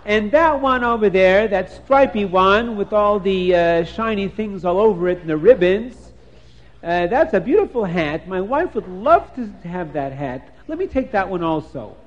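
A man voicing a talkative, excitable poet who is a husband, rambling on in a storyteller's telling. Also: sits high, moderate pace. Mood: excited. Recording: dull lo-fi recording.

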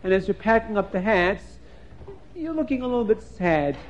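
A man voicing a talkative, excitable poet who is a husband, rambling on in a storyteller's telling. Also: sits high, moderate pace, a little hiss or hum. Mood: concerned. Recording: dull lo-fi recording.

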